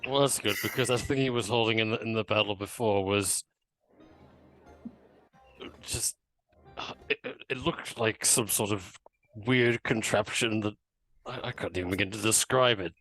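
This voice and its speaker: A man's voice: fairly low pitch, moderate pace, pauses often, fairly bright tone, faint music behind, low-quality recording. A man playing a tabletop game in character, making dry, wry remarks. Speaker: player.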